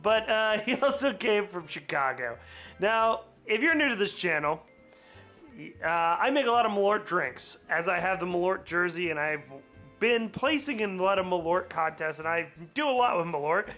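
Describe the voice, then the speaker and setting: Bright-voiced chatty man mixing cocktails. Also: high-pitched, animated, normal speed, faint music behind. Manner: chatty, laughs often, rambling asides. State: slightly hungover. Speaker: cocktail channel host. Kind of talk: casual cocktail-making vlog.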